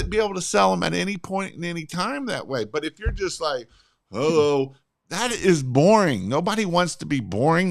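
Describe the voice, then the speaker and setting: A man hosting a podcast, coaching on sales in an energetic, emphatic way and repeating his points. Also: high voice, gravelly. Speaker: podcast host. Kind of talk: casual sales coaching chat.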